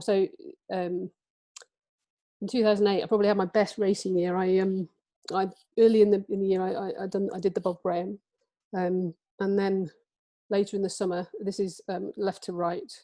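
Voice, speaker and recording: A woman's voice: mid-range voice, dark tone, no echo. A woman in her forties from England giving an illustrated book talk, speaking hesitantly with many fillers and restarts, and reading passages from her book.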